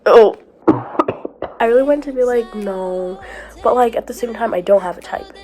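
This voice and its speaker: Fast, mellow, and on the high side, a young woman's voice recounts her week in a casual storytelling vlog over faint music. She has a scratchy sore throat and coughs, yet she's chatty, laughs often, and uses "like" constantly.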